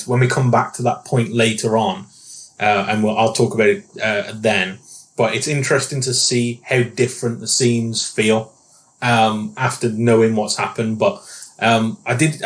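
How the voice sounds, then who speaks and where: A man co-hosting a podcast in casual chat, playful and teasing, laughing often. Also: medium pitch. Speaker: podcast co-host.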